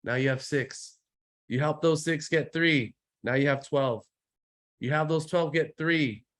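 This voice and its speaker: Rich: A male trainer revving up an online audience like a preacher, swinging between sudden shouts and quick asides. His voice sits a little high for a man, and he begs the crowd for hallelujahs and amens. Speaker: network marketing trainer. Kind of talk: live online sales training.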